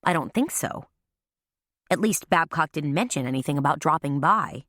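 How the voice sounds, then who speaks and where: A woman doing a brisk, no-nonsense sleuth. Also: deep voice, expressive, fairly bright tone, dry recording, studio quality. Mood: puzzled. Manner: firm and commanding.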